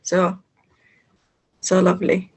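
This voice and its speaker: Interview guest: woman from Syria, halting English full of pauses. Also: lowish voice, monotone, husky. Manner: non-native English, halting, with many pauses and fillers. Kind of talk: casual interview.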